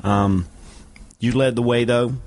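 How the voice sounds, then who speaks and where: A man's voice: medium pitch, steady tone, slow pace, darkish tone. A man, a wrestling referee, talking casually as a guest and laughing often. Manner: easygoing, laughs often, short agreeing replies. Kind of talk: casual conversational interview.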